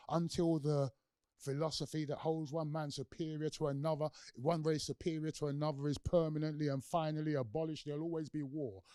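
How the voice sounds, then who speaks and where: Giving a public lecture as a guest speaker, a middle-aged Londoner animates his stories by performing the voices he quotes and putting questions to listeners. He has a fairly high pitch, and the recording is dry with clean studio sound.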